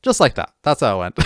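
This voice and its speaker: A man's voice: on the high side, a bit bright, dry recording, studio quality. A man streaming a game, chatting casually with viewers in a rambling, self-mocking way full of restarts.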